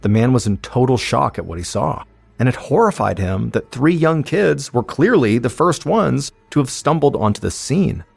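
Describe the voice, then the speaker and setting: Male podcast narrator, deep fry-edged voice, measured suspense, dry studio sound. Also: no echo, faint music behind. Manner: steady, suspenseful storytelling. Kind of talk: scripted true-crime narration.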